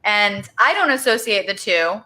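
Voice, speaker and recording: A woman's voice: mid-range voice, lively intonation, moderate pace, sharp tone. A woman co-hosting a casual podcast, chatting in a reflective way with many fillers. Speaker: podcast co-host. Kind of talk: casual chat.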